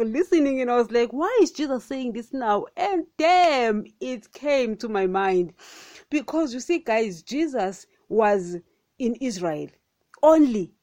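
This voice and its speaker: Her voice is slightly high with a darkish tone and no echo. Hosting a podcast, she rambles casually through Bible teaching, asking rhetorical questions, using many fillers, and frequently turning to her audience as "guys."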